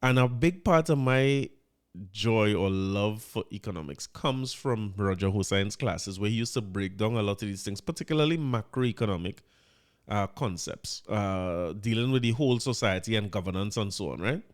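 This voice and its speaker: A man's voice: fairly low pitch, expressive, moderate pace. A man with a Trinidadian accent hosting a podcast, giving casual commentary in an incredulous tone and repeating words when he gets riled up. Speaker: podcast host.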